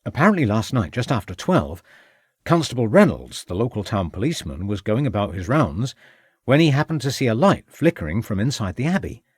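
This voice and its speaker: A man's voice: lowish voice, very animated, a little fast, slightly rough, dry recording, clean studio sound. A man voicing an earnest, deferential young police constable in an audiobook.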